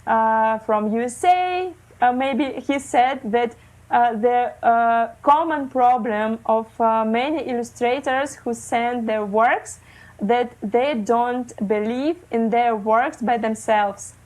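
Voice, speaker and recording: A woman in her thirties from Russia, speaking English as a second language, telling her story in an interview with many fillers and pauses. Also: on the high side, a little mellow, poor audio. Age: 30s. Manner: hesitant, many fillers, non-native phrasing. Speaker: guest, illustrator. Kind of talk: casual interview talk. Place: living in Germany.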